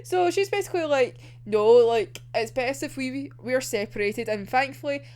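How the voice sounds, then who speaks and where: A woman's voice: high-pitched, animated, moderate pace, darkish tone. A woman casually recapping a manga volume, gushing and laughing often, swearing freely and acting out the characters' lines as she tells the story. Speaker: manga reviewer.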